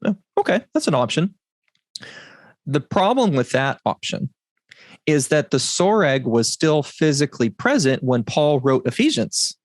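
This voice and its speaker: A man hosting a Bible teaching podcast, explaining scripture in a deliberate, emphatic way. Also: fairly high pitch, very animated, no echo. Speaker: podcast host.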